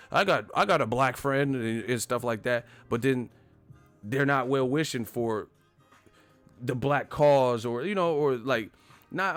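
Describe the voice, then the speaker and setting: Man, live-stream host, casual profane chat, animated retelling, medium pitch, faint background music. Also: no echo. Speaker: boxing channel host.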